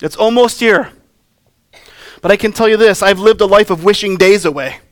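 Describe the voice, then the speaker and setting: A man in his thirties delivers a sermon as the pastor. His voice sits fairly high and sounds smooth and resonant. He talks earnestly, in a conversational way, weaving in personal stories. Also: moderate pace.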